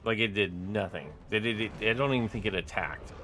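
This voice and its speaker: A man's voice: on the low side, moderate pace, a bit bright, faint music behind. A man giving casual, rambling gameplay commentary as a gaming YouTuber, full of "like" and "uh" fillers.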